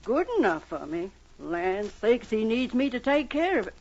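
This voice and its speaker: An actress playing a folksy, fussing restaurant owner in an old radio drama. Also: female voice, a little high, big pitch swings, moderate pace, a little mellow. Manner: homespun, fussing talk. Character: warm folksy older woman restaurant owner. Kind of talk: 1950s radio drama acting. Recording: dull lo-fi old radio broadcast, faint hiss.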